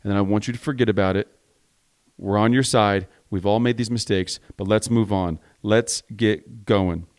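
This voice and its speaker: A man with a fairly low voice delivers a motivational monologue to contractors. He is blunt and emphatic, swears without hesitation, and drives each point home by stacking parallel phrases one after another. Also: steady tone, moderate pace. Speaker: podcast host and contractor coach.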